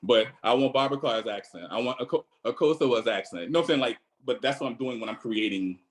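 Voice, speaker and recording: A man's voice: medium pitch, fast talker, poor audio. A man with a Virginia accent, a choreographer on an online panel, talking earnestly on a video call and thinking aloud. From Virginia, USA.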